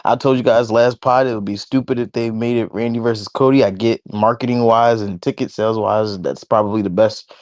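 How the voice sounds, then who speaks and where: A man's voice: fairly low pitch, fairly even intonation, brisk, a little mellow, dry recording. A man hosting a casual, comedic wrestling podcast, hyping up his co-hosts with jokes. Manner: joking, hype-man introductions. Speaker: podcast host.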